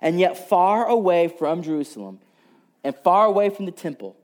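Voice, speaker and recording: A man preaching a sermon, telling a story and moving between loud passages and hushed, whispered lines. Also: sits high, lively intonation, moderate pace. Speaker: pastor.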